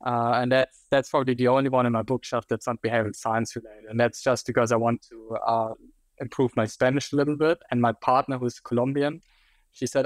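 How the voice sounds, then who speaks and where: A man's voice: medium pitch, flat delivery, fairly quick, no echo. German-accented man, dry close sound. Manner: loose, hedging, many fillers. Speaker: guest expert. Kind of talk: casual interview answers.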